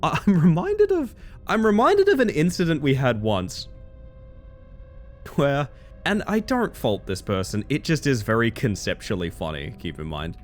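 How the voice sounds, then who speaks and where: Chatty man with a lively voice. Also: medium pitch, normal speed, faint music behind. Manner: chatty, reads chat aloud, laughs often. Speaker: streamer. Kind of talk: casual live-stream chat while gaming.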